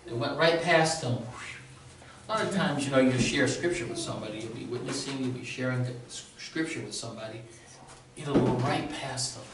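A man's voice: medium pitch, fairly even intonation, a little fast, noisy background. A male pastor preaching a sermon in a conversational way with a sore throat, often checking in with the congregation. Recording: very echoey room, distant mic.

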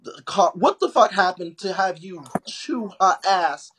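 A man hosting a live stream, excitable, cursing and pressing his guest for the story. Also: high voice, unhurried, a little hiss or hum. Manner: excitable, cursing, talks over in bursts.

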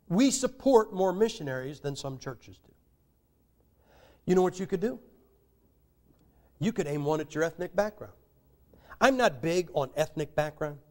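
A man's voice: sits high, darkish tone. A man preaching a sermon in a folksy, joking way, with emphatic rises in his delivery. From United States.

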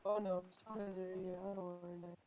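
Mellow-voiced woman from Texas, laid-back. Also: on the low side, level tone, quick pace, a little hiss or hum. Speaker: fellow player. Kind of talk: casual gaming chat.

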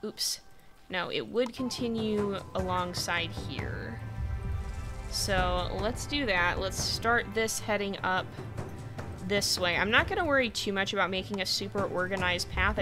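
A woman's voice: medium pitch, a little slow. A woman streaming a city-building game, thinking aloud in a chatty, self-correcting way as she plans roads and buildings. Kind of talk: casual gameplay commentary. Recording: game music underneath.

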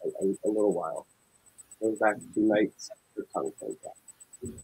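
A young man, a paranormal investigator, telling a story in casual chat and acting out the dialogue with animated energy. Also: on the low side, moderate pace, husky, poor audio. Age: young adult. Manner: animated, acts out dialogue in tense retelling.

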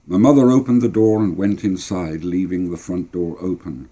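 An older man, telling a story from his childhood in a relaxed, dry way. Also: deep voice, normal speed. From Cornwall. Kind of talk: reading a memoir story aloud.

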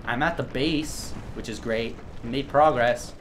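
A man's voice: animated, normal speed, few pauses, slight background noise. Young man swearing through a game. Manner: swearing, swings from low grumbling to shouting. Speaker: gaming YouTuber. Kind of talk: blind let's play commentary.

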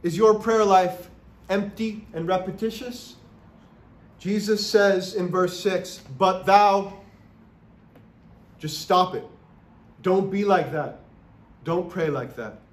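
A man with a high voice preaches to his congregation in a slow, deliberate cadence. He is earnest and emphatic, leaning on rhetorical questions. The sound rings in a roomy church sanctuary. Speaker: pastor. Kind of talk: sermon.

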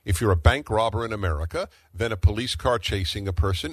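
A man's voice: on the low side, animated, quick pace, background noise. A middle-aged man hosting a talk radio show, arguing emphatically and firing off rhetorical questions.

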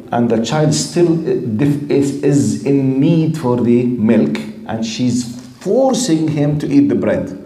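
Guy giving a lecture, mellow warm voice, lots of room echo, keeps asking the class stuff. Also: on the high side. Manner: keeps quizzing the audience, drops in Arabic terms. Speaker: lecturer on Islamic history. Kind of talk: recorded lesson to a live class.

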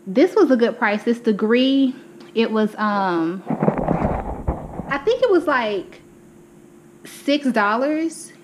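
A woman's voice: on the high side, lively intonation, slow pace, pauses often, background noise. A young woman showing her grocery haul at home, chatty and calling her viewers y'all, a little out of breath. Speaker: vlogger. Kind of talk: casual grocery haul walkthrough. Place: home, indoors.

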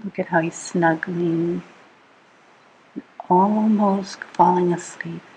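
A woman reading a bedtime picture book aloud to children, gentle and soothing, asking the listener little questions as she goes. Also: lowish voice, steady tone, takes it slowly, a little hiss or hum, poor audio. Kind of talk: read-aloud storytime.

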